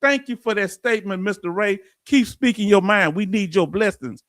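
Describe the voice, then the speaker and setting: A middle-aged man with a Southern US accent hosting a livestream, reading viewer comments in a folksy, preacher-like, animated way. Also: high voice, moderate pace, dry recording, studio quality. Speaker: veterans benefits channel host.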